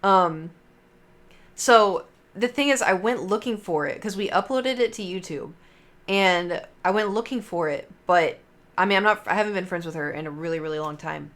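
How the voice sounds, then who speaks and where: A young woman streamer tells her chat stories in a loose, rambling way, packed with fillers and swearing. Her voice sits lowish and fairly bright, and she talks at a normal speed.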